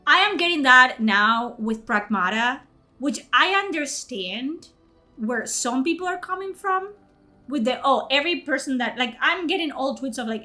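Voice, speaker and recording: A woman's voice: high-pitched, lively intonation, moderate pace, sharp tone. Indignant ranting woman streamer, faint music. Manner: indignant, swearing, rising to outbursts. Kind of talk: casual rant to a live chat.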